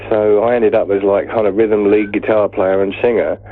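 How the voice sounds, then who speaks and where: An English man with a husky, low voice tells rambling stories and breaks into laughs often. He comes through a tinny phone line. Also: little pitch movement, normal speed, no echo. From England. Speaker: guest musician. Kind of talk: casual phone interview storytelling.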